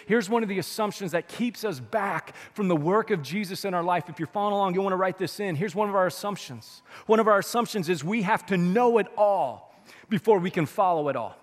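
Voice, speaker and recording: A man pastor preaching a sermon, animated, swinging from loud to hushed, with sarcastic asides. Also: high-pitched, fast, long reverb tail.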